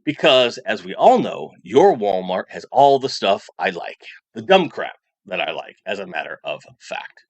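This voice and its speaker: A man's voice: lowish voice, sing-song, measured pace, hardly any pauses, dry recording. A man hosting a casual toy news livestream, chatting loosely and reading out viewer messages with frequent restarts. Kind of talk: casual livestream chat reading super chats.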